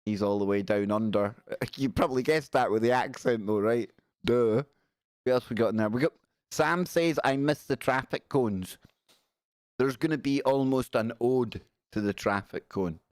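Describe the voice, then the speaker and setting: A man's voice: mid-range voice, moderate pace, no echo. Man, forties, rambling live-stream host, joking chat, dry close sound. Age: 40s. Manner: rambling, joking, reads viewer messages aloud.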